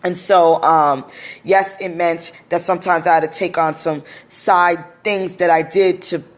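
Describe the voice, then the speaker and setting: A woman's voice: fairly low pitch, fairly even intonation, measured pace. A sleepy woman in her thirties, a founder and money coach, talking casually and openly on a phone live stream. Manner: chatty, greets incoming viewers, open and personal. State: sleepy, yawning.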